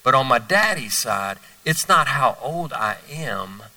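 A male preacher voicing the boy Jesus, speaking slowly and softly with quiet authority, heard from a distance in a church. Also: medium pitch, sing-song, dry recording, heavily acted. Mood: solemn. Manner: slow, hushed, solemn.

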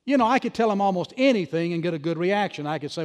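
A man preaching a sermon to his congregation, animated and punchy, with sarcastic asides. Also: high voice, fast talker, in a large hall. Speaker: pastor.

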